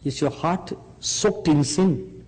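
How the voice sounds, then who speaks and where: A man preaching a sermon, speaking slowly and emphatically and rising on rhetorical questions to his listeners. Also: fairly high pitch, a little mellow, slightly rough. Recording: long hall reverb.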